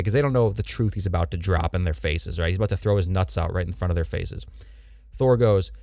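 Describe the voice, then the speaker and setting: Young man, lowish pitch, casual slangy chat, animated, dry close sound. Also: fast, vocal fry, dry recording. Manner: animated, slangy, playful reading of quotes. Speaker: podcast co-host. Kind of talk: casual comic book discussion.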